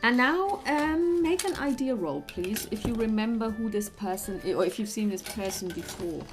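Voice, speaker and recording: A woman's voice: a little high, lively intonation, moderate pace, music in the background. A woman narrating a tabletop horror game as game master, friendly and hesitant, with many fillers.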